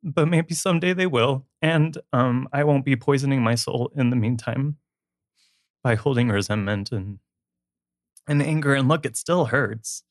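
A man's voice: mid-range voice, unhurried, no echo, clean studio sound. A man speaking candidly and emotionally as a guest in a personal conversation, laughing easily.

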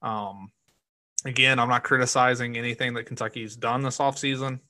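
Male sports podcast co-host, bright edgy tone, dry close sound, measured casual delivery. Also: medium pitch, fairly even intonation, no room sound.

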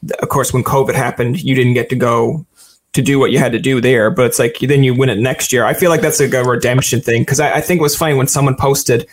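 A man's voice: medium pitch, steady tone, quick pace. A man interviewing a guest in a loose, rambling way, acting out quotes as he talks. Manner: chatty, rambling, acts out quotes. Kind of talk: casual interview chat.

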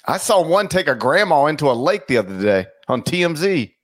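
A man's voice: fairly high pitch, brisk. A man co-hosting a sports podcast in a put-on Australian accent, bantering and telling stories playfully. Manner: animated storyteller, playful banter. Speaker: podcast co-host. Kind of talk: casual sports podcast chat.

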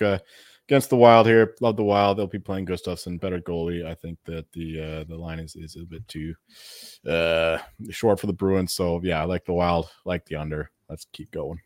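A man with a very low voice giving a short, plain take on a hockey bet. He states his pick without fuss, recorded dry and close. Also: no room sound. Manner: brief, matter-of-fact. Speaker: podcast co-host. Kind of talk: casual sports betting analysis.

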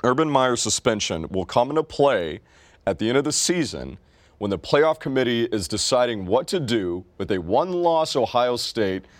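A young adult man co-hosting a sports talk show, brash and profane, ribbing his co-host in casual banter. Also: medium pitch. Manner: brash, profane, mock-insulting.

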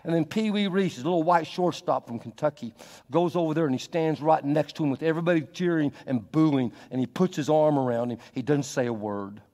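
A man preaches with a slightly raised pitch, his voice trailing off into a long hall reverb. He swings between quiet, intimate stretches and loud, emphatic bursts. It is a pastor's sermon from the pulpit. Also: brisk.

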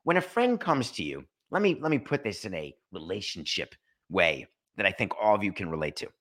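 A middle-aged man hosting a solo sports podcast, talking fast and animated, acting out imagined conversations. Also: fairly low pitch. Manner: animated, acts out imagined dialogues. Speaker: podcast host. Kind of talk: solo sports talk monologue.

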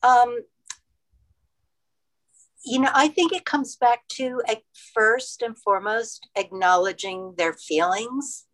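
A woman co-hosting a casual group discussion, explaining calmly and giving advice. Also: mid-range voice, low-quality recording.

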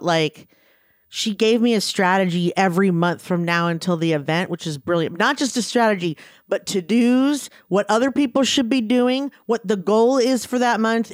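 A woman co-hosting a podcast in casual chat, talking in a chatty, teasing way with quick asides. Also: medium pitch, no echo, studio quality. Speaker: podcast co-host.

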